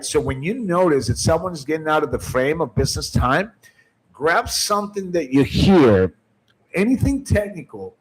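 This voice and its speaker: A man's voice: fairly high pitch, low-quality recording. Emphatic man coaching sales callers. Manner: emphatic, repeats phrases, often asks "right?". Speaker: sales trainer. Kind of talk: coaching lecture.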